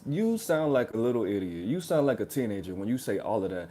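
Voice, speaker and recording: A man's voice: on the low side, brisk, few pauses. A man hosting a reaction video, giving slangy, sarcastic relationship advice and calling the listener "bro.". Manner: slangy, ranting, keeps saying "bro"; animated, sarcastic mocking. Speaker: reaction channel host.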